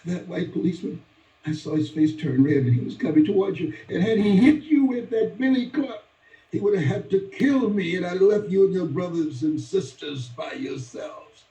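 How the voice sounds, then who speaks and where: An older man voicing his stern but loving mother in a high, anguished pleading tone while telling a story. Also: steady tone, takes it slowly, pauses often, mellow. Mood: urgent. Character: stern loving mother, middle-aged woman. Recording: distant echoey dull lo-fi recording.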